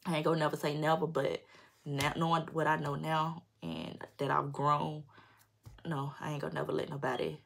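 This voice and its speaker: A young adult woman vlogger telling a personal story in an animated, slangy, emphatic way. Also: sits low, normal speed, gravelly. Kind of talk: storytime vlog.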